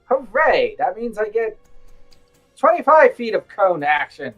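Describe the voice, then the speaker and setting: A woman's voice: medium pitch, sing-song, a little slow, highs cut off, faint music behind. A woman playing a tabletop game, chatty and wry. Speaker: player.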